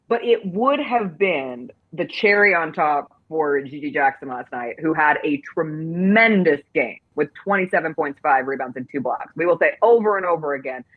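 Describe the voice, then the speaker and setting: A woman's voice: low-pitched, no echo, phone-quality sound. Emphatic woman sports talk host. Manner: emphatic, playfully indignant. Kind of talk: sports talk show chat.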